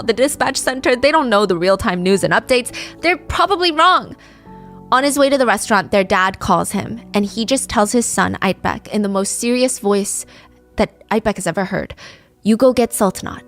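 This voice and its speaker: A woman's voice: mid-range voice, a bit bright. A woman podcast host narrating a true crime story in a vivid, conversational way.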